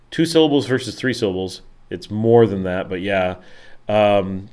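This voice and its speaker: A middle-aged livestream host from Western New York, with a Buffalo accent, chats casually and reads viewer comments. His fairly low, darkish voice is clean in tone and moves at normal speed, and he rambles with plenty of fillers and restarts.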